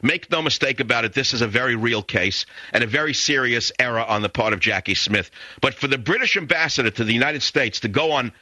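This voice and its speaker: An older man in his sixties hosts a talk radio show, hurling indignant, taunting insults again and again. His voice is very bright and hard-edged. The studio sound is close and dry. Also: medium pitch, a little fast, few pauses, no room sound. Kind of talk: angry radio monologue. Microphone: studio microphone.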